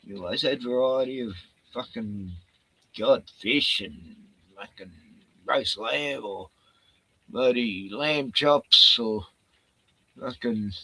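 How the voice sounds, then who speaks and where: Gravelly, slow-talking Australian man. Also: medium pitch, bright, forceful tone, no echo, poor audio. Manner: profane, chatty, laughs often, coos at his dog. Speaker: streamer. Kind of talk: rambling casual monologue.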